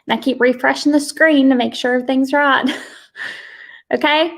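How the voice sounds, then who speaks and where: High-voiced woman giving an emphatic pep talk. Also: fairly even intonation, moderate pace. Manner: emphatic and preachy, with frequent laughs; addresses listeners directly and folksily. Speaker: direct sales team leader.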